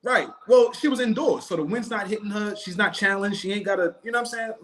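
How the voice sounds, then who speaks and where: A man's voice: high-pitched, fast, a bit bright. A man co-hosting a sports podcast, bantering in a joking, slangy way. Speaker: podcast co-host. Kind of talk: casual sports chat.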